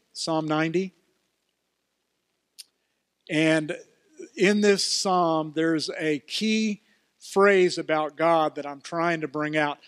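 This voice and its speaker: Emphatic older preacher. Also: male voice, a little high, dry recording, clean studio sound. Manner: emphatic preaching, rising to loud exclamations. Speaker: pastor. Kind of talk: sermon. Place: church.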